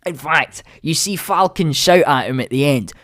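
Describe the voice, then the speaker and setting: A man's voice: on the high side, moderate pace, a bit bright, dry recording, studio quality. A young man hosting a solo podcast, ranting in an exasperated, sarcastic way. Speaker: podcast host.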